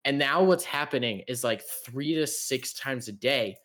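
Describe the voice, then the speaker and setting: A young man co-hosting a podcast, telling an animated, slangy story with swearing and frequent laughs. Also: mid-range voice, normal speed. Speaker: podcast co-host. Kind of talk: casual chat.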